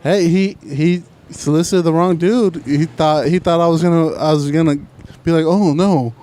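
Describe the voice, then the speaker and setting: A man's voice: a little high, fairly even intonation, normal speed, mellow. A man telling a story in casual podcast chat, animatedly acting out both sides of a phone argument. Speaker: podcast co-host.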